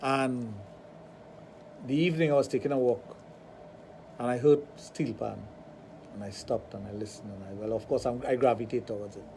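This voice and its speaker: A man's voice: medium pitch, normal speed, pauses often, dark tone, slight background noise. Trinidadian man telling a rambling story. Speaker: radio show host, sex therapist. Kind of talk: radio talk show chat.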